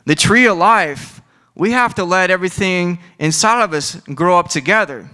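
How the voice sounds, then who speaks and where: A man's voice: high voice, expressive, moderate pace, pushed and bright, smooth. A young man giving a casual, conversational sermon, full of asides and restarts. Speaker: preacher.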